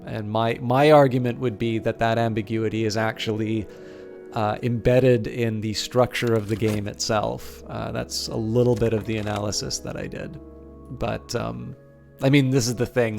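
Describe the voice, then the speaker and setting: A man's voice: fairly low pitch, creaky, a little mellow. A man streaming a game late at night, tired and rambling with lots of fillers. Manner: rambling and hesitant, many fillers. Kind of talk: casual live-stream chat while playing.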